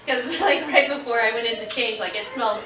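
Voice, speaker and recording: A woman in her thirties telling a lively story to a convention audience, laughing and acting out what people said. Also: fairly high pitch, brisk, noisy background. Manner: animated, laughing, acting out quotes. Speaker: convention panel guest. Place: convention panel room. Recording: echoey room, voice from far off.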